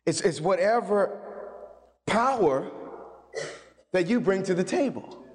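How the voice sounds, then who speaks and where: Male pastor, sermon, high voice, energetic and chatty, long hall reverb. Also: slow pace. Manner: energetic and conversational, with colloquial asides.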